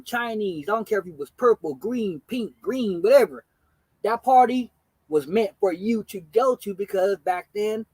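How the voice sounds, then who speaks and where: Forties male streamer, high pitch, relaxed slangy chat delivery, dry close mic. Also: no room sound, rough recording. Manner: laid-back, slangy, swears freely, greets chat. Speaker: gaming streamer. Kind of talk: casual live-stream storytelling.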